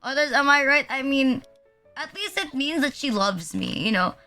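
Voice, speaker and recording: Young woman streamer, high bright voice, rambling crude chatter, faint music under. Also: animated, normal speed. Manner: rambling, filler-heavy, crude joking. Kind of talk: casual live-stream chat.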